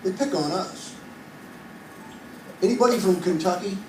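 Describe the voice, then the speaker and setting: A stand-up comedian in his 50s from Iowa performs at an entertainment venue on a cruise ship, his high voice a little slow. He's a chatty storyteller doing crowd work, quizzing the audience and building toward punchlines. The recording is echoey and distant, with ambient noise.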